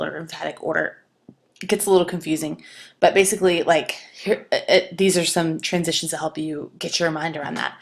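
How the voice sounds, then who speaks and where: A woman with a low, gravelly voice teaches a writing lesson for video. She explains step by step, with the odd filler and restart. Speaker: writing instructor. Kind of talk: recorded video lecture.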